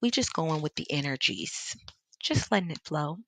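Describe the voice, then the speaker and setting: A woman's voice: deep voice, very animated, moderate pace, vocal fry. A woman from the Midwest with a Chicago accent, casually chatting and reading out viewer comments on a painting livestream, laughing often. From American Midwest. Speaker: artist livestream host. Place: home studio in Seattle.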